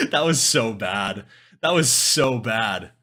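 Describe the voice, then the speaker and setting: A young man from Canada chatting casually on a live stream, animated, laughing often and swearing freely. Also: fairly low pitch. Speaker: music streamer.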